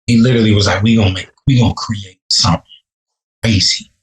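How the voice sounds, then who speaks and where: A man's voice: lowish voice, steady tone, fast talker, roomy sound, rough recording. A man from Chicago, a rapper, telling stories in a casual, profane podcast interview. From Chicago, USA. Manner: laid-back, profane, storytelling. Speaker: rapper guest.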